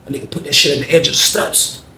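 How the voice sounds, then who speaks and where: A man telling a story in a casual, animated, slangy and profane way, acting out scenes. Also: fast talker, echoey room, a little hiss or hum.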